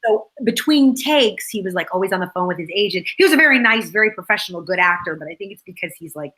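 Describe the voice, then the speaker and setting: Woman guest, actress, rambling storyteller, bright voice. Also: mid-range voice, expressive, quick pace, rough recording. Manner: rambling behind-the-scenes storytelling. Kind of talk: casual chat.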